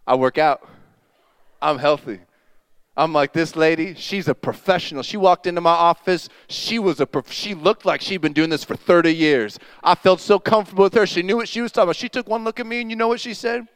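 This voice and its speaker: A man preaching a sermon as pastor, telling a story with acted-out dialogue and dropping to a quiet voice for emphasis. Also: high-pitched, fairly quick, smooth, dry recording. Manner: animated storytelling, acting out dialogue.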